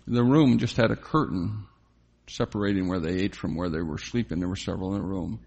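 An older man giving a reflective personal faith testimony, telling his story slowly with frequent pauses and fillers. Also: on the low side, vocal fry, a little mellow, slightly rough. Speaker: testimony speaker.

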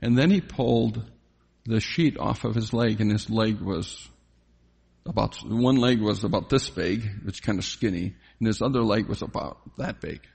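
An older man giving a reflective personal faith testimony, telling his story slowly with frequent pauses and fillers. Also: fairly low pitch, creaky, a little mellow, breathy edge. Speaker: testimony speaker.

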